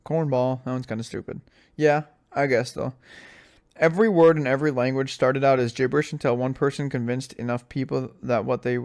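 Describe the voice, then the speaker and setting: On his own podcast, a young host with a creaky, mid-range voice tells stories in a loose, casual way. His speech is lively and slangy, peppered with filler words and plenty of "like" and "dude."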